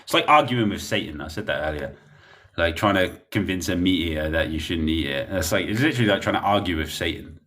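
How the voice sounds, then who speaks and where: A man's voice: sits low, animated, fast, a bit bright. A young man, chatting bluntly and rambling while reading comments on a livestream. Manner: blunt, rambling, laughs often.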